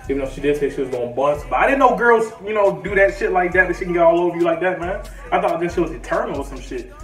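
A man's voice: a little high, fast talker. Slangy crude young guy vlogging. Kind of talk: casual story time. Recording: roomy, from a distance, faint music.

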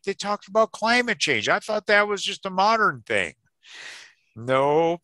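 A man's voice: mid-range voice, bright, forceful tone, dry recording. A man giving a live seminar lecture in a chatty, joking way, often checking in with the audience and chuckling at his own jokes. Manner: chatty, jokey, checks in with "okay?" and "right?". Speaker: creation science seminar speaker.

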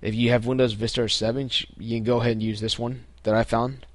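A man's voice: medium pitch, fast, dry recording. A young man talking casually through a step-by-step computer tutorial, with lots of ums and restarts. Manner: relaxed, many ums and restarts. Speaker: tutorial host. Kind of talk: casual screen-recorded tutorial.

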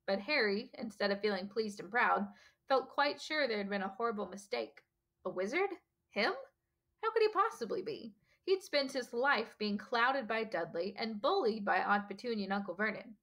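A teacher reading a novel aloud in a steady, expressive storytelling manner. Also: female voice, medium pitch, normal speed.

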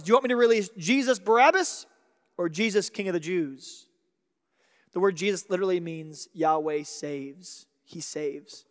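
A pastor preaches a sermon in a high, bright voice that carries through a large church hall with long, ringing reverb. His delivery swings dramatically, dropping to near-whispers and then rising to loud, emphatic declarations.

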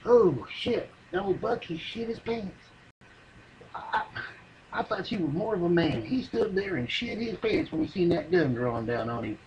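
A man's voice: high voice, sing-song, normal speed, darkish tone, muffled recording, a little hiss or hum. A man telling a rambling, profane comic yarn in folksy, drawling speech. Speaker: comedian telling a story. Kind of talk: stand-up comedy monologue.

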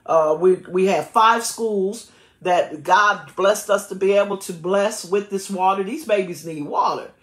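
A woman pastor preaches in an emphatic, lively way, laughing often between her words. Her voice sits at a middling pitch, and it rings in a roomy church space. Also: unhurried. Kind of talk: sermon and prayer.

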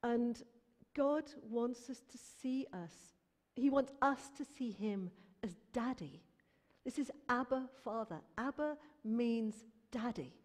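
A woman in her fifties, a Christian musician giving her faith testimony in an interview, earnest and animated with emphatic bursts. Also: a little high, slow. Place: church. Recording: long hall reverb.

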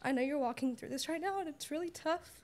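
A woman's voice: sits high, fast talker. A young woman who is new to a podcast, speaking earnestly in casual chat while fighting back tears. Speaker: podcast guest, new member.

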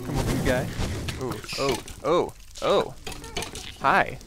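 Excitable man with lively gaming commentary. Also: takes it slowly, pauses often, over music. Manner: chatty, excitable, jumps to high exclamations. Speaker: gaming channel host. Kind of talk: Minecraft let's play commentary.

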